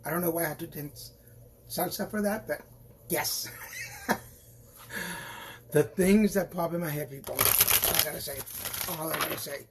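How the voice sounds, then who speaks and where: Casual live-stream tarot reader, mid-pitched, rambling and encouraging, with playful asides. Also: steady tone, moderate pace, pauses often, background noise. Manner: chatty and rambling, with frequent restarts and playful asides; encouraging and reassuring toward viewers.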